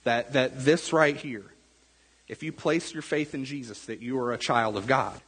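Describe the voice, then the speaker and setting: Husky-voiced pastor preaching in a reverberant hall. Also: male voice, mid-range voice, normal speed, fairly bright tone. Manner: conversational, repeats words, asks the room "right?". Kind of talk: sermon. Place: church sanctuary.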